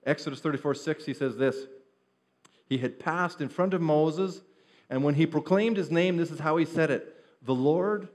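A pastor with a fairly high voice preaches an earnest sermon to his congregation at a moderate pace. Teaching from Scripture, he varies his pace and stress as he goes.

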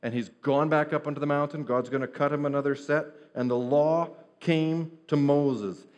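A man's voice: fairly high pitch, fairly even intonation, moderate pace, a little mellow, dull audio. A man preaching an earnest sermon to his congregation, shifting his pace and stress as he teaches from Scripture. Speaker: pastor.

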